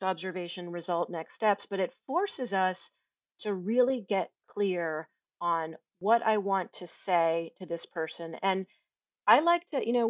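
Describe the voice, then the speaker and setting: Animated woman telling workplace stories. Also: mid-range voice, no room sound. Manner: animated storyteller, acts out quoted voices, laughs often. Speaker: guest, workplace feedback trainer. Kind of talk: casual podcast conversation.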